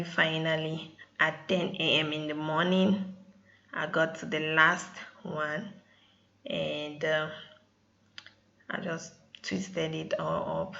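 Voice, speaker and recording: Slow, gravelly woman vlogging about hair. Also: deep voice, little pitch movement, fairly bright tone, lo-fi sound. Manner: chatty, keeps saying "guys". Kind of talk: casual vlog voice-over.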